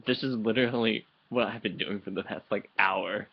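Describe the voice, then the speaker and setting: Casting note: a man fired up in a late-night webcam rant, low voice, swearing constantly, muffled lo-fi audio. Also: normal speed, gravelly, breathy edge. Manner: heated, profane, rambling with restarts. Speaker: vlogger. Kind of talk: angry vlog rant. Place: indoors at home, late at night. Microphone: computer microphone.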